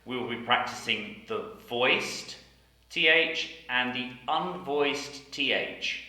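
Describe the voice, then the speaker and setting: A man teaching English pronunciation, saying each example word slowly and clearly twice. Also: mid-range voice, pushed and bright. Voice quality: deliberate, over-articulated delivery. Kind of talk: slow, careful teaching with repeated example words. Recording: very echoey room.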